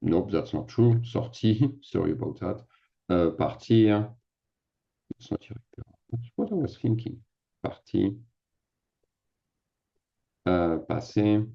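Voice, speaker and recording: A man's voice: low-pitched, expressive, slow pace, creaky, pauses often, dark tone, muffled recording. A man teaching a casual lesson, chatty and self-mocking as he thinks aloud while typing. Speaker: French teacher. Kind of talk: casual screen-share lesson.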